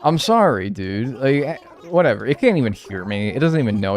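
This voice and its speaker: A man's voice: mid-range voice, normal speed, soft background music. A man streaming a game live, chatting with his viewers and swearing freely as he plays. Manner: animated, swears freely, banters with chat. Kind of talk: live gameplay commentary.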